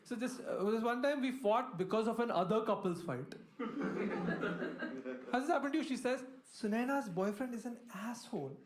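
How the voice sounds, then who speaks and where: A man's voice: very high-pitched, expressive, moderate pace, long pauses, reverberant. A man doing a stand-up comedy set, chatty and self-mocking, often turning to ask the crowd.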